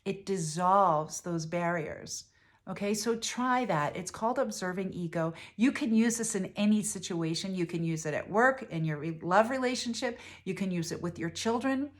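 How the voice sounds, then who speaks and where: A woman's voice: medium pitch, normal speed. A middle-aged woman talks through relationship advice with a coach's earnestness. She speaks casually, often stopping to rephrase a thought. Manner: earnest, repeats and restarts phrases.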